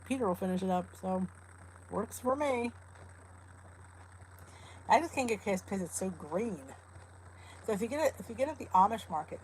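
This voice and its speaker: A middle-aged woman from New Jersey hosts a casual live weight loss chat from home, cooing and chatting as she greets viewers by name. Her voice is medium in pitch, and the poor audio carries a little hiss or hum.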